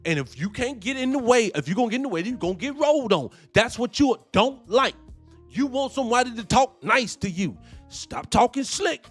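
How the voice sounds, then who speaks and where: A man's voice: very high voice, expressive, fairly quick, breathy edge, soft background music. A man hosting a commentary show, ranting in a heated, profane, preaching way. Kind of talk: live-stream commentary with viewer shout-outs.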